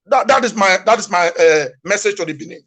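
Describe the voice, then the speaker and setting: Earnest Nigerian man, fairly high voice. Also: animated, a little fast, fairly bright tone. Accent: Nigerian English. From Edo State, Nigeria. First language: Edo. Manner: earnest, pleading, repeats himself for emphasis. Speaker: guest, diaspora community leader. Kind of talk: earnest appeal to his community.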